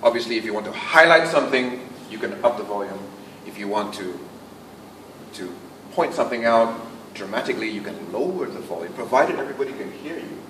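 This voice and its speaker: Brisk and animated, a man with a lowish voice coaches a club audience on public speaking in a meeting room. He projects without amplification and lowers to a near-whisper to emphasize things. Recorded from afar with no microphone, it sounds roomy, with faint room noise.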